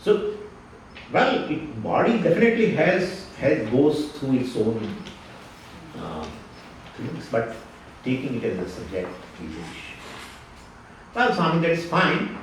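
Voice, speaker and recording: A man giving a spiritual lecture, lively and fond of rhetorical questions and repeated phrases. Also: medium pitch, a little slow, pauses often, far from the mic. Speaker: Vedanta teacher. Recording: echoey hall, speaker away from the mic, faint noise.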